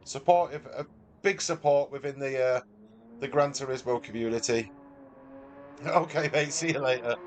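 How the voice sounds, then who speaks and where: Speaking at medium pitch and normal speed, the livestreamer from Manchester leaves long pauses, and a slight hiss or hum runs under the audio. His Mancunian chat with viewers is casual, and he reads their messages out like a friend.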